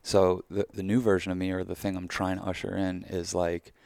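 A man with a very low voice and a gravelly edge talks through his thoughts on a podcast, candid and reflective, dropping casual swears. The recording is dry and close, with no room sound. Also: level tone, fairly quick, darkish tone, no room sound. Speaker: podcast co-host. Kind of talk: casual chat.

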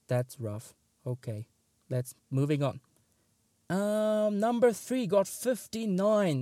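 A man's voice: a little high, warm tone, dry recording. A man hosting a casual comedy show, rating jokes with wry, dry remarks and frequent stammered restarts. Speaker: host. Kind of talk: casual comic commentary on jokes.

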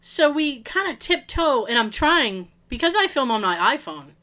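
A woman co-hosting a podcast, telling a story in a casual, animated way and acting out what people said. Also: high voice, moderate pace. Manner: animated, laughing, acts out quotes. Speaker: podcast co-host.

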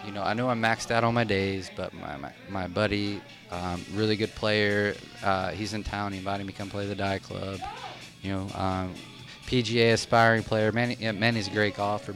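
Rambling young man, low voice. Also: flat delivery, moderate pace, over music. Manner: rambling, many restarts and fillers. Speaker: guest telling a story. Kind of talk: casual chat.

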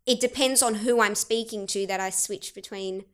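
Chatty young Australian woman, smooth voice. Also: mid-range voice, moderate pace. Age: 20s. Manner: chatty and animated, laughs often. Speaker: interviewee. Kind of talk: casual conversational interview.

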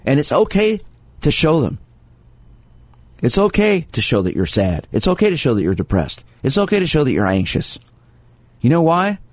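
A man's voice: a little high, sing-song, normal speed, long pauses, dry recording. A man who is a sports psychologist hosting a call-in radio show, speaking earnestly and with emphasis, repeating his key phrases. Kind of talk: radio talk monologue taking calls.

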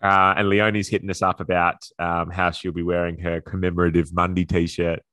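A man's voice: low voice, little pitch movement, brisk, pushed and bright, no room sound. A man co-hosting a podcast, talking footy bluntly with casual swearing. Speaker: podcast co-host. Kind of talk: casual sports chat.

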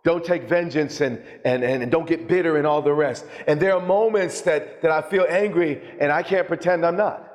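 Impassioned preacher with a higher voice in a reverberant hall. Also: male voice, moderate pace, hardly any pauses. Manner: impassioned, emphatic preaching with repeated restarts. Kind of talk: sermon.

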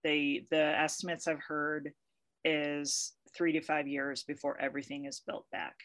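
A woman's voice: sits low, level tone, measured pace, a bit bright. A woman being interviewed as a university professor, talking in a chatty, emotional way and laughing easily. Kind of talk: conversational interview.

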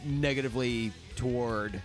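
A man's voice: medium pitch, steady tone, normal speed. A man co-hosting a casual music podcast, with dry, sarcastic, profane jokes. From Oklahoma. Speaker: podcast co-host. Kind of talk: casual chat.

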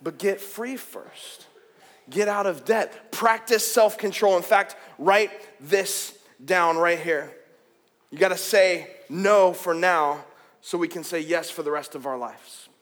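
Man, pastor, high voice, lively jokey sermon delivery, big echoing church hall. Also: slow. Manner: animated, jokey, calls out to the crowd. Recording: long hall reverb.

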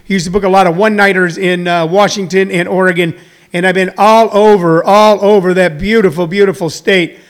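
Man, middle-aged, high voice, rambling, out of breath, live talk host. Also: steady tone, fairly quick. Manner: rambling, chatty, jokey asides. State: a little out of breath. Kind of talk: live-stream talk show monologue.

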